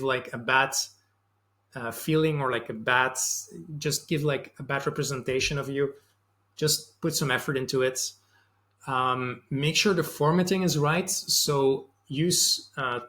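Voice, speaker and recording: A man's voice: mid-range voice, fairly bright tone. A young man hosting a sales channel, giving loose, conversational advice with frequent fillers. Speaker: sales and marketing channel host. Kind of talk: casual advice monologue to camera.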